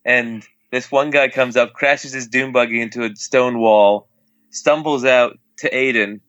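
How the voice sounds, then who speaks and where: A middle-aged man tells a story in a bright, forward voice, laughing as he goes and acting out what others said. The sound is close and dry, slightly dull at the top. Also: medium pitch, steady tone, unhurried, no echo. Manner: laughs often while telling, acts out others' lines. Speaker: father telling a trip story. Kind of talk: casual storytelling.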